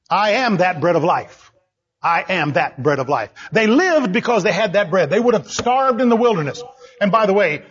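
A man's voice: high voice, fairly bright tone, husky. A man preaching a sermon, emphatic and repeating phrases for stress. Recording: dull lo-fi sermon recording.

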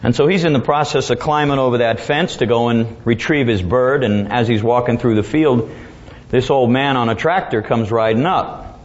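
A man preaching a folksy sermon, relaxed and chuckling, with many fillers, recorded in a church. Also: mid-range voice, moderate pace. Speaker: pastor. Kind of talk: folksy sermon with joke-telling. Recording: dull lo-fi church recording, faint ambience.

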